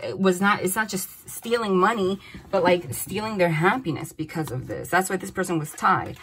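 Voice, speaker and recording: A woman giving a casual tarot reading to camera, animated and excitable, often exclaiming and repeating herself. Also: lowish voice, normal speed, a little hiss or hum. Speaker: tarot reader.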